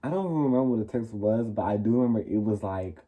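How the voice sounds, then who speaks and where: A young man vlogging, telling a school story in a casual, sassy, animated way and acting out what people said. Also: lowish voice, fast, phone-quality sound. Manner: animated, sassy, acts out quoted lines.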